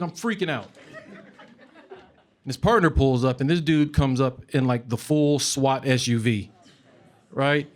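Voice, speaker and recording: A man's voice: medium pitch, unhurried, pauses often. A man telling a funny personal story live on stage, chatty, laughing as he goes and swearing now and then. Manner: conversational, comic, laughing through the telling; swearing, animated retelling. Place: live event before an audience.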